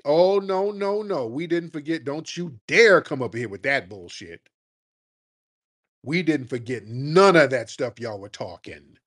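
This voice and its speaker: A man hosting a talk radio show, ranting in a combative, mocking, animated way. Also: mid-range voice, unhurried. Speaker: radio host.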